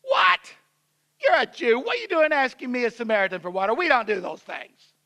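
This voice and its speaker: A brash, scornful Samaritan woman, as a male preacher puts her on spits out her challenges in a sneering, confrontational tone. The voice sits very high for a man, and the lines come through as a sermon retelling. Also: sing-song, brisk, pushed and bright, heavily acted. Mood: indignant.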